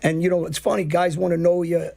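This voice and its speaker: A man's voice: high-pitched, flat delivery, fast, gravelly, a little mellow. A middle-aged man hosting a casual interview, talking blunt street talk in a rambling way. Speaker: host.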